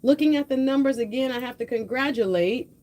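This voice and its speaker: A woman's voice: high-pitched, a little fast, warm tone. Passionate woman hosting a political livestream. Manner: passionate, conversational, addresses viewers as y'all. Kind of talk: casual live political commentary. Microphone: headphones with a mic, home streaming setup.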